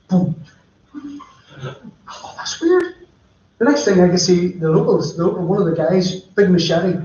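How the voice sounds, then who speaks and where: A man preaching, his voice sitting a bit high for a man. He tells stories in a chatty, direct way. The sound is very echoey and muffled, like a church livestream. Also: a little mellow, a little hiss or hum. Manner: chatty storytelling, addressing listeners directly. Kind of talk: sermon.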